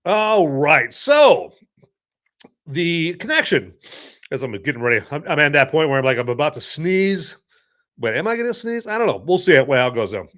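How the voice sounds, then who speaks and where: A male podcast host talks in a loose, casual monologue, pitched a bit high for a man. He rambles and jokes his way through animated stories. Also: normal speed. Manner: rambling, joking, animated storytelling. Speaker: podcast host and movie reviewer.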